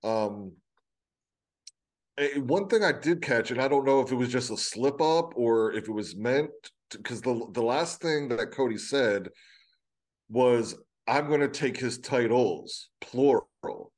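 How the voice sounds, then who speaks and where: A man's voice: mid-range voice, lively intonation, unhurried. A man talking casually about wrestling, thinking aloud with hesitant fillers. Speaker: podcast co-host.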